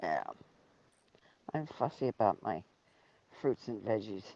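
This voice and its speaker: A woman chatting casually on a call to a friend's stream, rambling easily, slightly sick with a low fever. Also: very animated, unhurried, dark tone, lo-fi sound. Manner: easygoing, rambling small talk. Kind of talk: casual chat.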